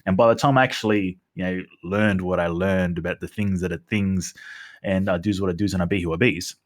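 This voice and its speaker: A man with a lowish voice chats casually on a podcast. He rambles through his story, full of "you know" and restarts. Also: fairly even intonation, a little fast. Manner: rambling, filler-heavy storytelling. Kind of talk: casual chat.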